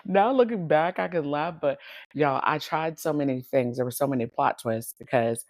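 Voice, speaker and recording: Lively low-voiced woman podcast host. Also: moderate pace, dry recording, clean studio sound. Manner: lively, animated, laughs often, addresses listeners as y'all. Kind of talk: casual storytelling monologue.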